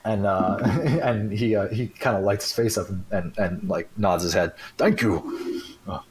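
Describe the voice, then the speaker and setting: A game master narrates a tabletop game in a loose, rambling way full of fillers. His voice is low, with faint noise in the background. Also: normal speed.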